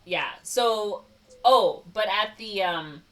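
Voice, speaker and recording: A woman's voice: mid-range voice, slow, a bit bright, recorded from a distance. A woman co-hosting a podcast, casually retelling a movie plot with lots of "like" and "whatever". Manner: rambling retelling full of "like" and "whatever". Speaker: podcast co-host. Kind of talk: casual movie recap chat.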